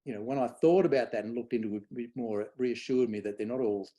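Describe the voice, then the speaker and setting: A middle-aged man, a guest on event safety, telling anecdotes in a lively way and acting out quoted dialogue. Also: medium pitch, quick pace, lo-fi sound. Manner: animated storyteller, acts out quoted dialogue. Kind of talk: conversational anecdote.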